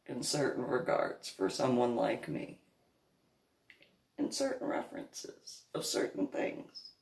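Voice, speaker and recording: A woman from New Jersey talks slowly through a rambling story, her pitch rising and falling in a lively way. She laughs often between phrases. The recording is roomy, with a clear echo around her. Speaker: vlogger, reverend. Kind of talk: casual monologue.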